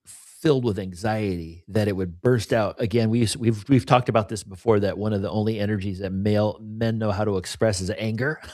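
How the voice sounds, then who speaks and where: A man's voice: fairly low pitch, steady tone, a little fast, darkish tone, no room sound, clean studio sound. A middle-aged man talking candidly and at length in a casual podcast conversation, often adding "you know" and "right?". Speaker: podcast co-host.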